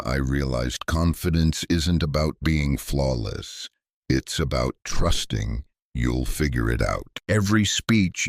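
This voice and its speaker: A man delivering a scripted motivational speech in a slow, deliberate, emphatic way. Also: very deep voice, a little mellow, no room sound, clean studio sound. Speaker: motivational speaker.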